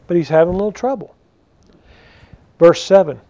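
High-voiced preacher, dull recording. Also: male voice, moderate pace. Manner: animated, rhetorical questions to the audience. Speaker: Bible teacher. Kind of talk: conversational Bible study teaching.

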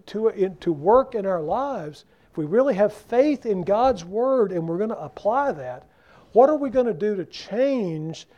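High-voiced preacher, mellow tone. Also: male voice. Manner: conversational, asks the congregation questions. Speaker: pastor. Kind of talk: sermon. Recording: dull lo-fi sound.

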